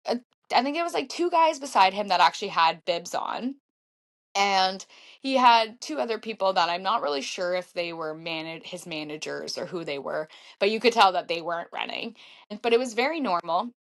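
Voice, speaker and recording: A woman in her thirties tells a story to a podcast host in an easy, chatty way. Her voice jumps high when she acts out what she said, then settles back into a mid-range telling. The pitch sits in an ordinary middle range for a woman. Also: normal speed, gravelly. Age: 30s. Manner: animated, acts out her own quotes with big pitch jumps. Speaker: podcast guest, marathon runner. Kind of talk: casual storytelling.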